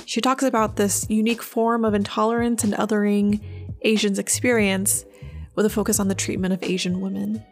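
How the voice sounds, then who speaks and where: A woman presenter reading a scripted introduction in a smooth, even delivery. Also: mid-range voice, fairly quick, soft background music.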